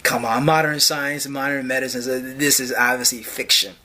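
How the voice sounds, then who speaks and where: A man's voice: mid-range voice, fairly even intonation, moderate pace, sharp tone. A man ranting to camera in a mocking way, stammering and repeating himself. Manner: stammering, rambling repetitions. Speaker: video host.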